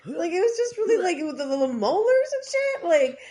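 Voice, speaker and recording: A woman's voice: extremely high pitch, big pitch swings, brisk, dark tone. A woman co-hosting a podcast, joking in casual banter and leaning on "like" fillers. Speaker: podcast co-host.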